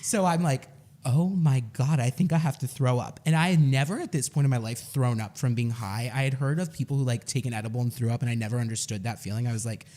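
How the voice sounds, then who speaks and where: A young man co-hosting a podcast, telling a story in a casual, animated way and laughing often. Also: medium pitch, fast, hardly any pauses. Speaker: podcast co-host.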